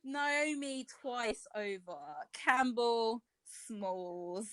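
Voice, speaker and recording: A woman's voice: medium pitch, takes it slowly, a bit bright, no room sound. A woman co-hosting a podcast in casual chat, gushing and theatrical, with gasps and cackles. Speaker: podcast co-host.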